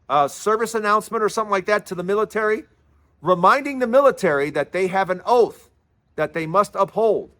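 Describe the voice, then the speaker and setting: Woman commentator, heated indignant rant, pitch swinging widely. Casts a fired-up political vlogger. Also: a bit bright. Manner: indignant, emphatic ranting.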